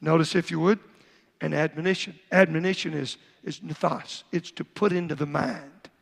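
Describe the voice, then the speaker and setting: A man's voice: on the high side, fairly even intonation, moderate pace, creaky, in a large hall. A man, the pastor, preaching a sermon, reading Bible verses aloud and acting out a father's talk with his son. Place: church sanctuary.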